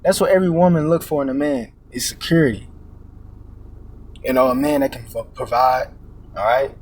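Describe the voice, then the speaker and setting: A man's voice: mid-range voice, normal speed, a little mellow. A man giving an informal, profane street-style sermon, tagging lines with "man" and "all right?", stammering and repeating words as he searches for what to say. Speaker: preacher.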